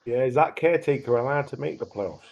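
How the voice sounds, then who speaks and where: A man's voice: mid-range voice, fast talker, highs cut off. A man co-hosting a podcast, chatting casually with short teasing remarks. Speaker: podcast co-host. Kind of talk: casual chat.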